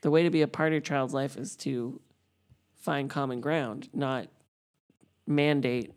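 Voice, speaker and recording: A woman with a notably low voice chats casually about a film. She adds wry, dry asides and sums up the story's lessons in a matter-of-fact, parental way. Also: fairly even intonation, a little slow, darkish tone. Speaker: podcast co-host, parent. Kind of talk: casual movie recap chat.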